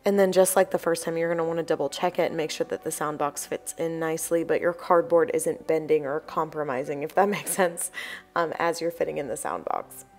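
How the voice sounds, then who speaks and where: A young woman narrates a do-it-yourself tutorial in a friendly, explanatory voice-over. Her voice is a bit low and croaky, as if recorded early in the morning. Soft music plays faintly beneath her. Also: steady tone, brisk. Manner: chatty, explanatory, apologetic asides. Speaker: DIY crafts channel host.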